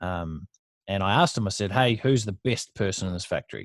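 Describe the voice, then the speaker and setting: Low-voiced blunt Australian man. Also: lively intonation, a little fast, no room sound, clean studio sound. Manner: blunt, swears freely, chatty slang. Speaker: guest entrepreneur. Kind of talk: casual storytelling interview.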